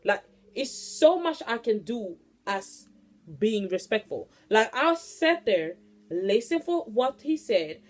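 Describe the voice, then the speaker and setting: Blunt young woman ranting with a higher voice. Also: takes it slowly. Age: late teens. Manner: blunt, profane, animated ranting. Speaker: vlogger. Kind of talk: casual venting monologue.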